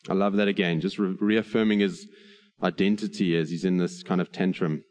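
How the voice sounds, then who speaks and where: A man preaching an earnest sermon, slowing on key phrases and adding light humor. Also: sits low, darkish tone. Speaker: pastor.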